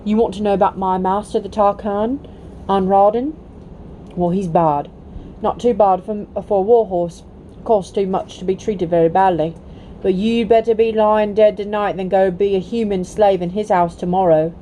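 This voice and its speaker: A woman's voice: mid-range voice, steady tone, moderate pace, mellow, a little hiss or hum, lightly acted, poor audio. A woman voicing a proud, scornful male talking war horse in a storybook read-aloud, with bossy, clipped speech. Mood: brisk, bossy.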